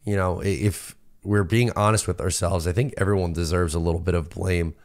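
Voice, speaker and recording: A young man from Long Island, hosting a casual sports podcast and venting in a lively, self-interrupting way. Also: low voice, brisk. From Long Island, New York. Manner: animated, venting, self-interrupting with repeated words. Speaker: podcast host.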